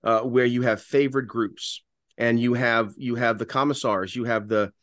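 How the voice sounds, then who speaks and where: Male talk host, fervent, repeats himself mid-sentence, average pitch, dry close sound. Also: fairly even intonation, normal speed, fairly bright tone, no echo. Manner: repetitive restarts, impassioned. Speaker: radio talk show host. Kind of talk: podcast political talk.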